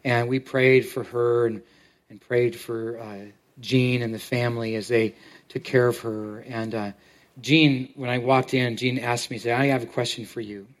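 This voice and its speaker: A man preaching a sermon as pastor to his congregation, talking in a halting way and often repeating words as he tells a story. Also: mid-range voice, level tone. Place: church sanctuary.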